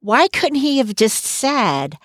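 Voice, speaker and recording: A woman's voice: a little high, big pitch swings, slow pace, a bit bright, dry recording, studio quality. A woman co-hosting a podcast recap, talking in an opinionated, casual way and laughing between points. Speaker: podcast co-host.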